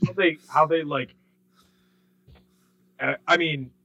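A man, co-hosting a sports podcast in casual chat, animated and mimicking people in quick bursts. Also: a little high, gravelly. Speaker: podcast co-host. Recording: slightly dull lo-fi sound.

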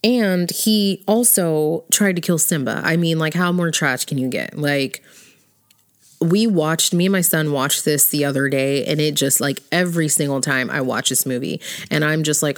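Woman with a really low voice ranting casually, swears a lot, laughs between points. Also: measured pace. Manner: blunt, swears freely, laughs often. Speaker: vlogger ranking characters. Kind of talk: casual opinionated chat.

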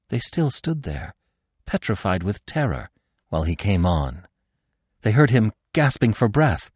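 A man narrating a classic story in an expressive, dramatic reading. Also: low-pitched, unhurried, breathy edge, no echo, clean studio sound. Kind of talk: scripted audiobook narration.

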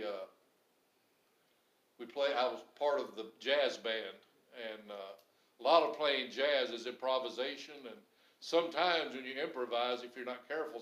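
A man's voice: medium pitch, fairly bright tone. A man preaching a sermon to his congregation, building to emphatic bursts. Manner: preaching with rising, emphatic bursts and Southern phrasing. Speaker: pastor. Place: church. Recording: echoey church sanctuary.

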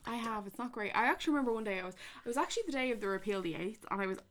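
Bright-voiced Irish woman telling stories. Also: on the high side, racing. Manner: animated, laughing storyteller. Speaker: podcast co-host. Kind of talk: casual chat, storytelling.

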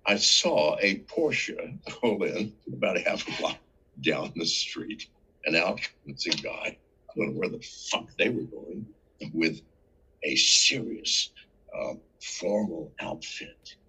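A man telling a story in a casual interview, animated and full of profanity. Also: deep voice, slow pace, husky, rough recording. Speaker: interview guest.

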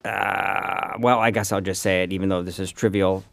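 A man's voice: sits low, fairly even intonation, normal speed, creaky, fairly bright tone, no room sound, studio quality. A man in his fifties from upstate New York, co-hosting a podcast in a chatty, rambling way with lots of fillers. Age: 50s. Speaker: podcast co-host. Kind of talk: casual chat.

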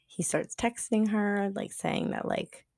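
A woman's voice: mid-range voice, little pitch movement, unhurried, a little mellow, no room sound, studio quality. A woman podcast co-host telling a casual story, chatty and profane, full of "like" and acted-out quotes. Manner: chatty, profane, heavy use of "like"; acts out quoted dialogue.

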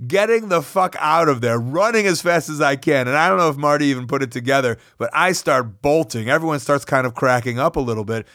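A man hosting a podcast who tells a story in an animated, self-mocking way and swears freely. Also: a little high, no echo, studio quality. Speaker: podcast host. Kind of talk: storytelling monologue.

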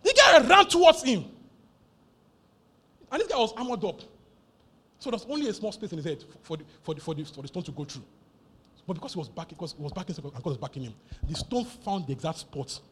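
A man preaching a sermon, animated and emphatic, repeating key phrases over and over. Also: sits high, fairly quick, a little hiss or hum. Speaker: pastor.

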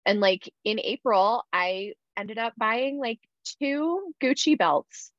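A woman's voice: a little high, animated, takes it slowly, a bit bright, no room sound. A woman talking candidly in casual podcast chat, with lots of "like" fillers. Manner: candid, chatty, many "like" fillers. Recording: slightly dull dry sound.

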